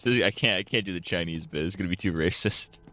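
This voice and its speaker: A man's voice: sits low, fast, a bit bright. A man streaming a game with casual, rambling commentary, crude and laughing at his own jokes.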